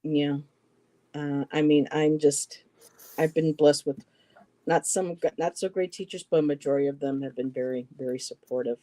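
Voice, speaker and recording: A woman in her fifties, co-hosting a live poetry stream, telling a personal story casually, halting often with "you know" and restarts. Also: low-pitched, fairly even intonation, mellow. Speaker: poetry show co-host.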